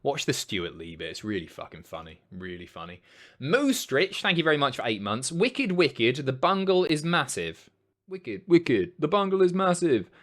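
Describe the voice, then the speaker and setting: A man in his thirties hosting a casual livestream, reading chat messages aloud, sweary and rambling, jumping between loud outbursts and mumbles. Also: medium pitch, very animated, normal speed.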